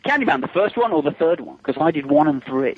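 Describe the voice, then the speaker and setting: English guest, middle-aged, chatty raconteur on a phone line; husky, dry sound. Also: male voice, fairly high pitch, fast. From England. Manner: lively anecdotes, acts out quotes, laughs often. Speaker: guest, special effects makeup artist. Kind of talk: casual phone interview storytelling.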